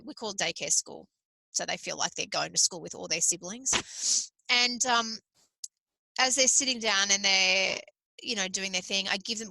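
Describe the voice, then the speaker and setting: A woman's voice: fairly high pitch, sharp tone, no room sound, low-quality recording. Woman, motivational podcast host, earnest, repetitive, dry close recording. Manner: earnest, repetitive, emphatic with occasional swearing.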